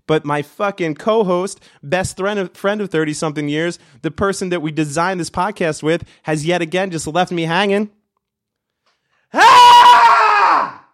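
A middle-aged man hosting a solo podcast, ranting with lots of swearing and breaking into loud screams. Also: high voice, normal speed, hardly any pauses, a little hiss or hum. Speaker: podcast host. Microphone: studio mic.

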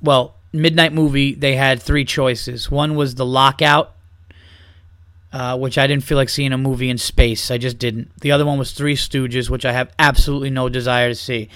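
A man's voice: medium pitch, flat delivery, moderate pace, a bit bright, clear, resonant tone, no room sound, studio quality. A man hosting a podcast, ranting in a casual, comedic way, swearing often and mocking people with heat. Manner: profane, heated, mocking. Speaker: podcast host.

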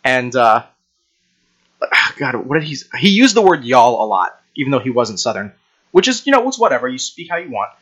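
A man's voice: medium pitch, sing-song, a little fast, a bit bright. A man co-hosting a casual chat, telling rambling stories with crude jokes. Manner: rambling, crude joking storyteller. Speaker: podcast co-host.

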